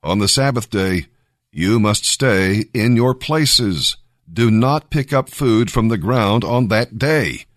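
A man's voice: fairly low pitch, animated, slow, fairly bright tone, dry recording, clean studio sound. A man reading the solemn voice of the Lord. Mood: commanding. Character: the Lord, solemn commanding divine voice.

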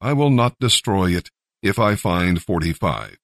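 A man voicing a calm, merciful male deity who speaks in steady, measured promises. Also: low voice, no echo, clean studio sound.

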